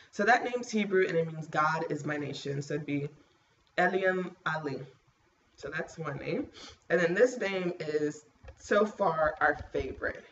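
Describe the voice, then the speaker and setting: A woman vlogging casually to camera, rambling and clearing her scratchy throat. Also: sits low, dull audio. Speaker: pregnancy vlogger.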